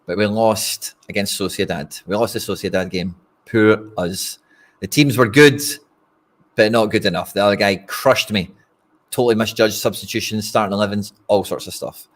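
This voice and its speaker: Hosting a football watch-along, this Scottish fan delivers casual live commentary with plenty of frustration, addressing his stream directly and without softening anything. His pitch is fairly low and he talks at a normal speed.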